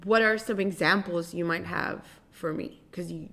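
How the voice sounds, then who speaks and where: A woman hosting a podcast, speaking slowly and deliberately with pauses and restarts. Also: fairly low pitch, creaky, fairly bright tone. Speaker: podcast host.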